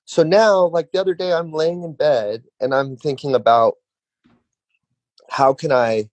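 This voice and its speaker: A man's voice: on the high side, steady tone, unhurried, no echo, highs cut off. A man hosting a podcast in a casual, reflective way, filling his talk with "like" and "dude". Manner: laid-back, says "like" constantly, reflective. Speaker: podcast host.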